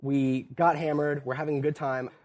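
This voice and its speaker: A young man telling a comic party anecdote with energetic, building delivery. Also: fairly high pitch, moderate pace. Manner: energetic, building to loud bursts. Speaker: podcast storyteller. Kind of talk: animated comedic anecdote.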